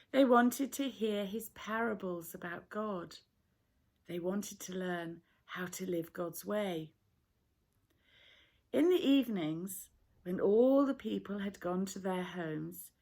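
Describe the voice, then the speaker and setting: A woman reading a children's Bible story aloud, slow and gentle. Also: medium pitch.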